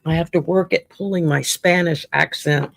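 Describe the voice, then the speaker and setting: A woman's voice: low-pitched, fairly even intonation, normal speed, gravelly. A woman from Louisiana with a Cajun accent, hosting a casual late-night stream, reading cards for viewers with salty jokes and cussing. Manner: salty, jokey, swears freely and laughs often.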